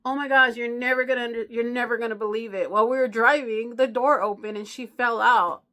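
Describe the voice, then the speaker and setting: A woman voicing a panicky man who rushes out excuses, in a frantic manner. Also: mid-range voice, level tone, bright, forceful tone, natural voice.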